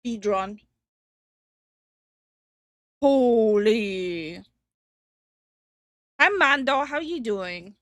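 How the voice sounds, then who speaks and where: A young woman talks slowly and unhurriedly in a fairly high voice, giggling and teasing as she chats on a stream. The sound is dry and close, with no room echo. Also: lively intonation. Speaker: streamer and co-host. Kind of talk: casual stream chat.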